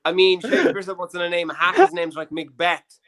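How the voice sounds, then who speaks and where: A man's voice: high voice, lively intonation, a little fast, a loud crowd. A man hosting an online comedy show, chatting casually and joking at his own expense. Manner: joking, self-deprecating, rambling.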